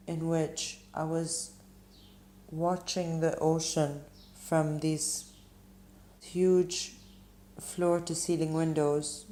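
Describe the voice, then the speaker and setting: Giving a spiritual tarot reading, a woman speaks slowly in a low, mellow voice. She muses gently, often pausing with ums as she searches for words. The room gives her voice a noticeable echo.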